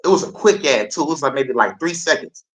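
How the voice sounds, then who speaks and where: A man's voice: mid-range voice, animated, fast talker, fairly bright tone, low-quality recording. A young man hosting a podcast, talking loosely and profanely over clips and laughing often. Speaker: podcast host. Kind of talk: casual commentary over played clips.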